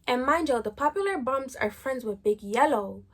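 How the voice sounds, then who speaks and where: A woman's voice: high voice, lively intonation, moderate pace, breathy edge. A young adult woman vlogger telling a story in slangy, chatty talk full of "like". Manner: slangy, chatty, lots of "like" fillers. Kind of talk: casual storytime chat.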